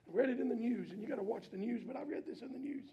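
A man preaching a sermon in a church, speaking casually and drawing out responses from the congregation, and building from quiet reading to shouted preaching. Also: very high voice, rapid-fire, vocal fry, highs cut off. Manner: colloquial preaching with call-and-response.

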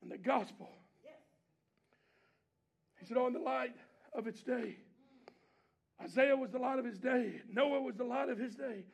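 Gravelly high-voiced man preaching a sermon. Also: measured pace, long pauses. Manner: impassioned preaching, swings between shouting and hushed, low delivery; repeated call-and-response exhortations to the congregation. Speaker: pastor. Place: church sanctuary with congregation.

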